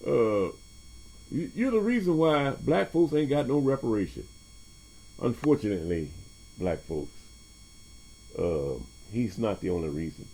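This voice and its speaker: A man's voice: medium pitch, big pitch swings, measured pace, gravelly, pauses often, warm tone, a little hiss or hum. A man hosting his own podcast in a loose, profane monologue, laughing often and jumping between topics. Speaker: podcast host. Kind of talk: casual monologue.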